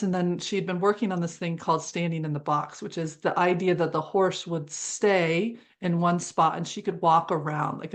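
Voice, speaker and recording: Earnest, emotive woman telling a story. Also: fairly low pitch. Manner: earnest and emotive, with brief laughs. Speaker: guest, horse-assisted therapy practitioner. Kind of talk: heartfelt personal storytelling.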